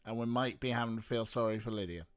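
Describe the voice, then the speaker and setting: A man's voice: on the low side, fast, over music. A man streaming a visual novel, making wry, joking asides as casual commentary. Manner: wry, joking asides, clears throat often.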